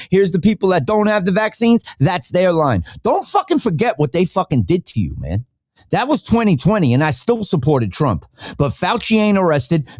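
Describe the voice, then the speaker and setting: A man's voice: sits high, darkish tone, no echo, clean studio sound. A man hosting a live podcast, ranting angrily and bluntly with heavy swearing while greeting chat viewers by name. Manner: angry, profane, blunt ranting. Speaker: podcast host. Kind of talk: livestream rant.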